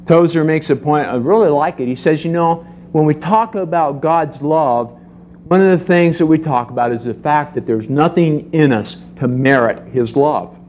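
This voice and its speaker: Middle-aged guy preaching, lively storyteller, kinda high voice, faint room hum behind. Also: normal speed. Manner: animated storytelling, acts out voices. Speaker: pastor. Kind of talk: sermon.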